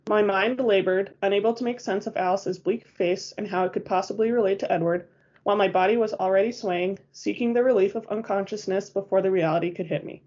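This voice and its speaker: A woman reads a first-person novel as an audiobook in a steady, measured way. Her voice is husky and breathy, at a middle pitch for a woman, and the recording sounds dull and lo-fi. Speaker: audiobook narrator.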